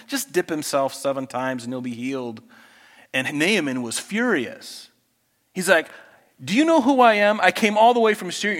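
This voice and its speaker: A man preaching a sermon as a pastor, talking in a conversational way that turns animated when he acts out quoted speech. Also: fairly high pitch, in a large hall.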